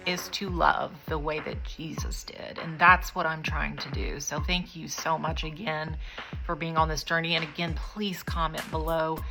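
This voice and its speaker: A woman in her early fifties hosting an interview, speaking sincerely and emotionally, close to tears at times. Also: low-pitched. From rural United States. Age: 50s. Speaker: podcast host. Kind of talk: heartfelt conversation and closing to camera.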